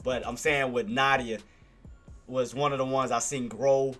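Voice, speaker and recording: A man recapping trades on a casual livestream, talking to his viewers and giving them repeated, excited shout-outs over music. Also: mid-range voice, unhurried. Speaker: stock trading streamer.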